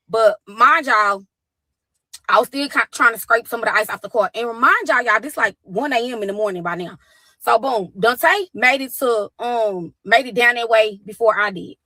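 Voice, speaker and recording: A woman telling a tense story about her daughter, quoting texts and calls in a fast, profane way. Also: on the high side, pushed and bright, dry recording, low-quality recording. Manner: fast, profane retelling with quoted dialogue. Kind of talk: animated storytelling.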